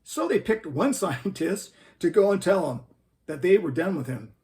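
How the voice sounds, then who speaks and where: A man's voice: high-pitched, animated, moderate pace, darkish tone. A man hosting a Christian commentary video, earnest and preacherly, reading scripture aloud. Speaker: host.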